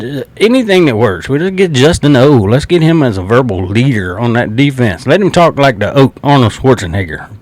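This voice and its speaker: A man's voice: mid-range voice, no echo. Blunt Southern man, dry close sound. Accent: South Carolina Southern. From South Carolina. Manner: blunt, swears freely, laughs between remarks. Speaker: sports fan podcaster. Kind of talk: casual fan commentary.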